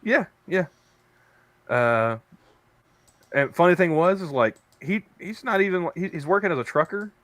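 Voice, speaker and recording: A man's voice: a little high, lively intonation, unhurried, long pauses, a bit bright, dry recording. A man co-hosting a casual podcast chat, rambling through stories with many restarts. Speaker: podcast co-host; convenience store worker.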